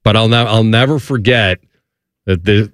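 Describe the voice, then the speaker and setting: Male Midwestern sports radio host, excitable banterer, dry close mic. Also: lowish voice, normal speed, smooth, no room sound. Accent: Midwestern American. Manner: joking, excitable, teasing. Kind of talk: casual banter.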